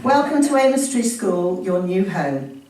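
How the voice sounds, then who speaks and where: A woman's voice: mid-range voice, very animated, measured pace, noisy background. A woman reading aloud the lines of a dignified, kindly elderly headmistress in a polite, welcoming way. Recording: echoey room from far off, faint ambience.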